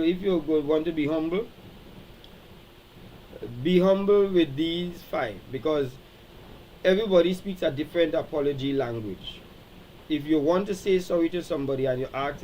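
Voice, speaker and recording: A man with a lilt hosting a live-stream talk in a somewhat high, animated, preacherly voice. He swings up and down as he acts out quoted speech and answers viewers. A faint hiss sits under the recording. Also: normal speed, low-quality recording. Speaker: show host.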